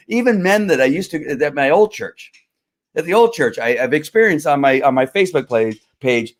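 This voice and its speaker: A man's voice: fairly high pitch, lively intonation, moderate pace. A man hosting his own live video stream, talking in a heated, frustrated, rambling way with many fillers. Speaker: livestream host. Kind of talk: casual livestream rant.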